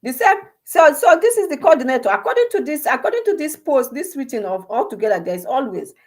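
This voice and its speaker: A woman's voice: sits high, sing-song, fast talker. A woman with a Nigerian accent giving an impassioned monologue, firing off rhetorical questions and restarting her sentences. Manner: rhetorical questions, many restarts, switches into Igbo. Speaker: commentator on a personal channel.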